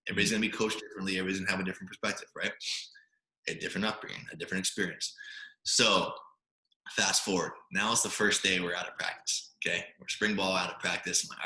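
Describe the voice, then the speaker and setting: A man in his forties from Hawaii spins a long, animated story as a podcast guest, peppering it with fillers and quick "right?" checks. His voice sits slightly low yet rings very bright and forceful. The recording carries a roomy echo. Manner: animated storyteller, many fillers and tag questions. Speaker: podcast guest, former quarterback. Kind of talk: storytelling in a casual interview.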